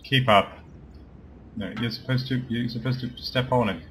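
A man's voice: mid-range voice, steady tone, moderate pace, fairly bright tone, slight background noise. A man giving casual, joking commentary while playing a video game, chatting to his party members and swearing now and then. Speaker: let's play commentator.

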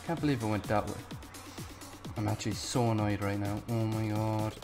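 A young man giving live gameplay commentary, excitable and often swearing as he talks to himself while playing. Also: lowish voice, normal speed, long pauses, music in the background. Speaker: gaming channel host.

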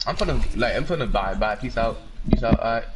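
Lively young man muttering while gaming. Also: mid-range voice, fast, heavy background noise. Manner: lively, frustrated, mutters short repeated remarks. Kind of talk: casual chat while gaming.

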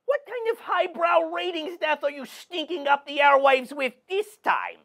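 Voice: sits high, big pitch swings, normal speed, a bit bright. A performer voicing the cranky ghost of an old male horror host, speaking over a phone call with a put-on French accent and a rude, scolding manner.

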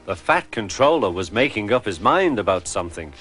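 A man narrating a children's railway story in a measured, expressive way. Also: fairly low pitch, faint music behind.

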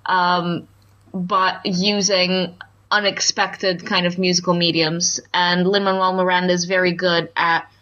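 A woman's voice: lowish voice, level tone, a little slow, a bit bright. Opinionated laughing woman, muffled audio. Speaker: podcast co-host. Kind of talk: casual chat.

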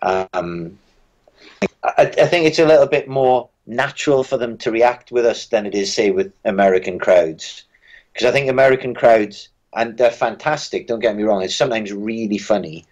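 Low-voiced British man telling wry stories. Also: normal speed, darkish tone, lo-fi sound. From Britain. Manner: dry, wry storytelling with frequent restarts. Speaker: musician guest. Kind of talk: casual interview chat.

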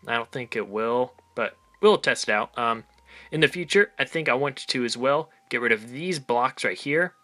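Bright-voiced young man chatting over gameplay. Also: medium pitch. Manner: chatty, rambling, frequent laughs and ums. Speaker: gaming channel host. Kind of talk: casual let's play commentary.

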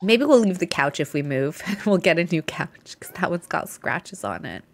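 A woman's voice: on the low side, big pitch swings, moderate pace. Chatty woman streamer narrating her gameplay. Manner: chatty, giggly, talks to the game characters. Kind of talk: live gameplay commentary.

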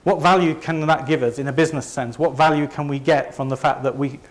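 A man's voice: on the high side, fairly even intonation, brisk. A man from Leeds with a Northern English accent, giving a conversational, self-deprecating presentation to a live audience. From north of England. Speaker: company presenter.

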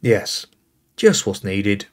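A man's voice: fairly low pitch, sing-song, drawn-out words. Exasperated man commentating his football game. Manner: exasperated, calls out player names as play unfolds. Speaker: gaming host.

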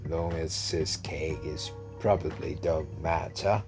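A man voicing a weary old street beggar who answers in slow, clipped, grudging phrases. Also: rumbling low, steady tone, over music, voice pushed down, full character voice. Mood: gruff.

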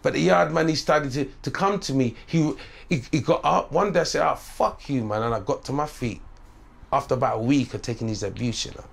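A middle-aged man from St Vincent a lilt, telling his life story in an interview in a lively, swearing way and acting out the voices he quotes. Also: medium pitch, fairly quick, vocal fry. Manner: animated, streetwise, swearing, acts out quoted voices. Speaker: interview guest.

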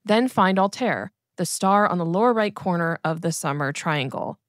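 A woman giving a calm, clear scripted narration as an astronomy educator. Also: lowish voice, normal speed, no echo, studio quality. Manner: calm, clear instructional delivery.

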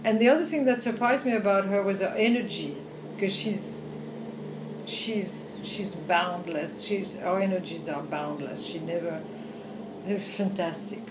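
An older woman with a French accent, a film editor telling lively anecdotes in a conversational interview, with frequent laughs. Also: on the low side, measured pace, roomy sound, very noisy. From France. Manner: animated anecdotes with frequent laughs and "you know". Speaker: film editor and director, guest.

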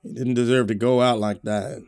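A profane, short-tempered old man barks his lines in a horror story reading, as a man puts him on. The voice sits higher and louder than the narration around it. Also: fairly even intonation, moderate pace, dry recording, studio quality, soft background music, close to an everyday voice. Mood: somber. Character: gruff old backwoods man with shotgun.

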